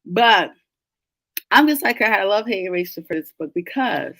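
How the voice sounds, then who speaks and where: A New England woman hosts an online book club in casual, chatty fashion, laughing often and sounding a little congested from a cold. Her medium-pitched voice is a bit bright and a little fast, with lively intonation and no echo.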